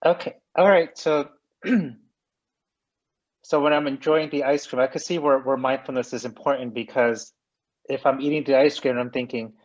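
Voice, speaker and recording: A man's voice: medium pitch, fairly even intonation, normal speed, lo-fi sound. A man hosting a session, asking questions casually, thinking aloud with hesitant restarts and self-deprecating humor over a video call. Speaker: session host.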